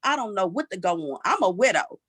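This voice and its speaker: A woman in her forties with a Washington, D.C. accent, doing a stand-up comedy set in a sassy, animated way that keeps tagging lines with "okay?". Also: medium pitch, fast, husky, no room sound. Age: 40s.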